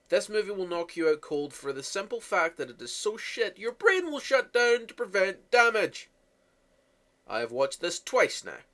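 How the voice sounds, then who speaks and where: A man's voice: sits high, a bit bright. Guy ranting about a movie, cursing constantly, mocking and fed up. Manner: profane, mocking, exasperated. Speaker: movie reviewer. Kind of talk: sweary comedic movie rant.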